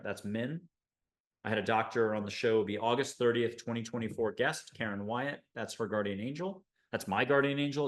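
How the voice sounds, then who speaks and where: A man from the United States hosting a spiritual show, talking in an enthusiastic, rambling monologue full of animated asides. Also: on the low side. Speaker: host.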